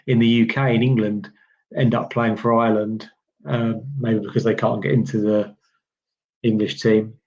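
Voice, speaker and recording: A man's voice: mid-range voice, a little mellow. A man from the UK doing casual live tennis commentary, chatty and rambling as he answers viewer chat with lots of "um"s. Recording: slightly dull lo-fi stream audio.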